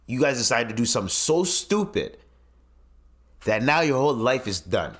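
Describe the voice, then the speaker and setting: A man's voice: medium pitch, moderate pace. A man hosting a podcast, ranting in casual commentary, incredulous and swearing often. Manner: animated, swearing, incredulous rants. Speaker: podcast host.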